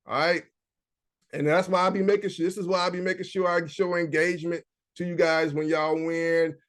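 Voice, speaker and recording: High-voiced casual online business coach. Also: male voice, level tone, a little fast. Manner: casual, talks to viewers directly, reads notes aloud. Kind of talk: live screen-share coaching session.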